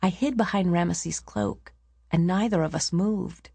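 A woman narrating an audiobook in a measured storytelling manner. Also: fairly low pitch, vocal fry, warm tone, husky, dry recording.

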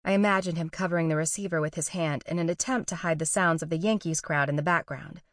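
A woman's voice: low voice, fast talker, no room sound, studio quality. A young woman narrating a first-person story with wry, sarcastic and profane humor.

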